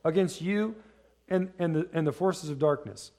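A man preaching a sermon in a conversational way. He asks the congregation questions and slows down when reading scripture. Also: a little high, warm tone. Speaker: pastor.

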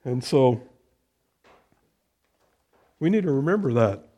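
A middle-aged man preaching as a pastor, lifting his voice loud on scripture and dropping to quiet, conversational asides. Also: medium pitch, animated, slow, muffled recording. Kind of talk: sermon.

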